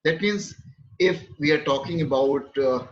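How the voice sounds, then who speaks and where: A male literature lecturer talks through an academic lecture at a measured pace, pausing often and repeating his key terms. His voice sits a little high for a man. The recording is dull and lo-fi.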